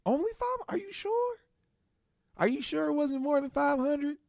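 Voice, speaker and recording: A man's voice: high-pitched, a little fast, a little mellow, dry recording, clean studio sound, pitched above the performer's own voice. A man voicing a sugary, money-hungry male megachurch pastor who gushes over-piously and stammers when he turns suspicious.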